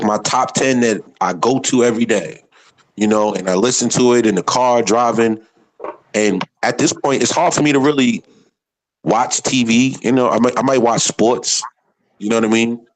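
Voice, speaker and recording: A man's voice: on the low side, slight background noise, low-quality recording. A man hosting a livestream chat, talking casually and often asking "you know what I mean".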